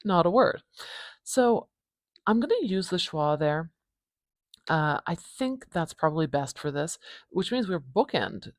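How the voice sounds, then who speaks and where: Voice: medium pitch, dry recording, studio quality. A phonetics teacher walking through a transcription, thinking aloud in a playful way and correcting themselves as they go. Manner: muses aloud, self-correcting, playful asides.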